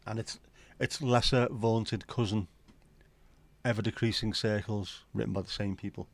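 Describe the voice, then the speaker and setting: A man's voice: lowish voice, fairly even intonation, normal speed, vocal fry. A middle-aged man hosting a livestream, rambling through jokey pub-style banter while reading out chat. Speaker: livestream host. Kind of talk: casual chat reading viewer comments.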